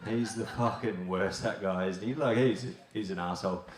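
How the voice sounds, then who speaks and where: Australian male comic, low-ish voice, crude and brash, laughs at own jokes, roomy echo. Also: moderate pace. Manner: brash, swearing, laughs through his jokes. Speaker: stand-up comedian. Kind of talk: crude stand-up routine.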